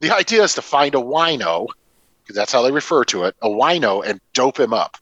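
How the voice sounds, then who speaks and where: A man's voice: medium pitch, big pitch swings, brisk, fairly bright tone, dry recording, lo-fi sound. A man co-hosting a film podcast, chatting casually and animatedly, swearing and laughing often. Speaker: podcast co-host. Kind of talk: casual film review chat.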